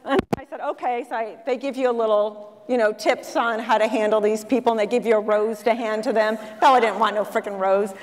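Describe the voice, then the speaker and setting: A middle-aged woman speaking at a conference, telling a story to an audience in a lively way and acting out the voices of the people in it. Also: a little high, a little fast, few pauses. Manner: animated, acts out quoted voices. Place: large conference hall. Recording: long hall reverb.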